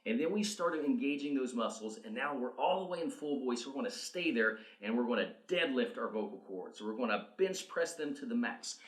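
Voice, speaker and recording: A man working as a vocal coach, talking singers through warm-up exercises in an energetic, coaching manner. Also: medium pitch, brisk, hardly any pauses. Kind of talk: instructional video demonstration. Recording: roomy echo.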